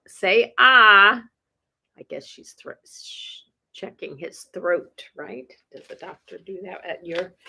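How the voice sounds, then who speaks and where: A storytime reader with a husky, mid-range voice and some vocal fry reads a picture book aloud to young children. She's playful, chuckles along, and keeps asking her audience questions.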